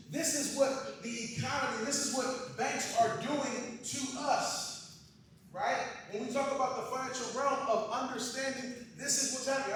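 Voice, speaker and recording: A man giving a loud, passionate financial workshop to a live audience, checking in with "right?" as he goes. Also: extremely high pitch. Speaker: financial education presenter. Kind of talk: energetic workshop lecture. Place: large echoey hall with a live audience. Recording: very echoey hall, distant mic, faint noise.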